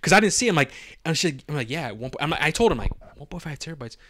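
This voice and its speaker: Animated, profane man telling a story. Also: on the high side, very fast. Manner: animated, profane, acts out his own reactions. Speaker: podcast co-host. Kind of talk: casual storytelling chat.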